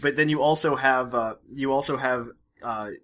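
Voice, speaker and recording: Speaking at a normal speed in a steady, medium-pitched and fairly bright voice, this man co-hosts a casual podcast. His talk rambles, packed with fillers and restarts.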